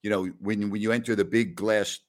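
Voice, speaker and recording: A man hosting a sports talk show, ranting loudly and scornfully with heavy emphasis. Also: on the low side, little pitch movement, a little fast. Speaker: sports radio host.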